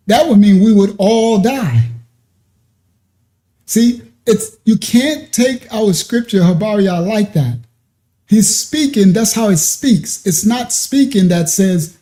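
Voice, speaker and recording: Preaching man with a high voice, dark tone, emphatic, conversational, repeats himself, Bible-study sermon.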